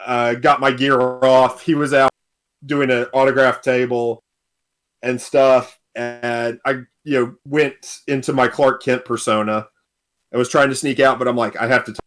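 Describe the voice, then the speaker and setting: A man's voice: medium pitch, little pitch movement, a little slow, a bit bright. Young guy, podcast guest, chatty storyteller who laughs a lot. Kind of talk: casual storytelling.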